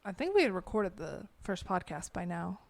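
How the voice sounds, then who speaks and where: A woman's voice: lowish voice, very animated, normal speed, gravelly. A young American woman co-hosting a podcast, chatting in a playful, teasing way and laughing often. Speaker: podcast co-host. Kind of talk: casual chat.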